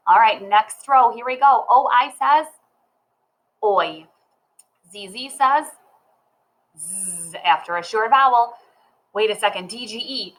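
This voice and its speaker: Slow sing-song woman teaching phonics. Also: fairly high pitch, low-quality recording. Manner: cheerful, slow and sing-song, talks to the child. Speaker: reading teacher. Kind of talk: children's phonics lesson.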